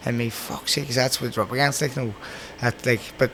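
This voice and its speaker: Belfast man, podcast host, rapid sweary chat, faint background noise. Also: medium pitch, fairly even intonation, creaky, a bit bright. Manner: quick, sweary storytelling. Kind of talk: casual chat.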